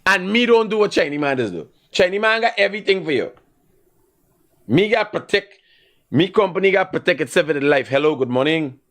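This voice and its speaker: A middle-aged Guyanese man hosts a live call-in show in a fairly high voice. He talks bluntly and turns heated, scolding callers without holding back. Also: very animated, brisk, fairly bright tone. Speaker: host taking calls.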